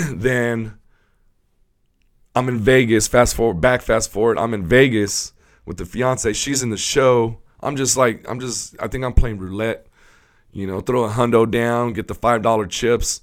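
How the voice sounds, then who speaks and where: A man's voice: medium pitch, measured pace. A man hosting his fishing channel, talking casually and from the heart to his viewers, rambling with fillers and restarts. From Southern California. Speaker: host. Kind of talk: casual vlog talk to camera.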